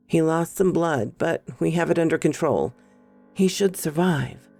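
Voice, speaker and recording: Woman reading a brisk, matter-of-fact paramedic chief, mellow and gravelly. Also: deep voice, no room sound, soft background music, exaggerated voice. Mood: puzzled.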